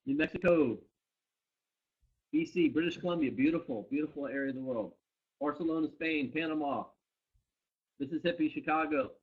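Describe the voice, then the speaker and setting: A man's voice: fairly high pitch, normal speed, long pauses, husky. A man co-hosting a live company webcast, upbeat, greeting viewers by name and location. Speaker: company co-founder hosting a live product training. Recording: dull lo-fi webcast audio.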